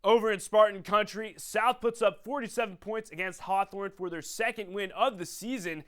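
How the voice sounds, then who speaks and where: Hyped high-voiced man hosting sports. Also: normal speed, fairly bright tone, slight background noise. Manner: playful, hyped, slangy. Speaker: sports show host. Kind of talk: energetic sports highlight commentary.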